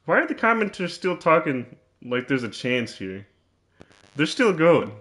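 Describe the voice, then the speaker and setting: A man's voice: fairly high pitch, sing-song, a little slow, fairly bright tone. A man commentating his own basketball video game, teasing and trash-talking in a mock-serious way and often repeating himself.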